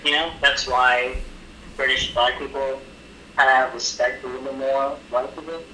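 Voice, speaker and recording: A man's voice: medium pitch, little pitch movement, moderate pace, sharp tone. A man in a casual chat who chimes in with blunt comments and jokes. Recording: roomy echo, faint noise.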